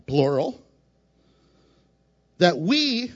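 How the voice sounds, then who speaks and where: High-pitched male pastor, animated sermon with acted-out scenes, dull lo-fi church recording. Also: a little slow, long pauses, husky. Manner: emphatic and repetitive, asks the congregation questions, laughs at his own jokes.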